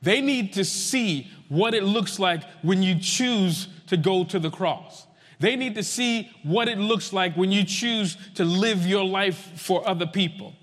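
High-voiced preacher in a reverberant hall. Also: male voice, fairly bright tone. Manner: emphatic repetition, slowing for weight. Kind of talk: sermon.

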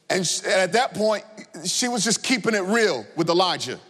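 A man reading scripture aloud and then preaching about it, in an earnest, deliberate way, often repeating words as he builds a point. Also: high-pitched, big pitch swings, fairly bright tone, husky. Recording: long reverb.

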